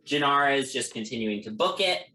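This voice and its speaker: A game master narrating a tabletop game in a relaxed way, with many ums. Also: mid-range voice, brisk. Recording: echoey room.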